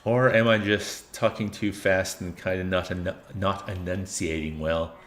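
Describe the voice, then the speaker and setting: A man's voice: sits low, fairly even intonation, moderate pace, fairly bright tone, a little hiss or hum. A man streaming himself playing a video game and chatting casually, rambling and self-deprecating, often laughing at himself.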